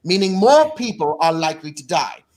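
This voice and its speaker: A grave British politician addressing the nation in a slow, deliberate voice, as an American man puts him on. The voice sits fairly high, and the tone is solemn and weighty throughout. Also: sing-song, a little mellow. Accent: British English, put on. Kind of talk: impression of a speech.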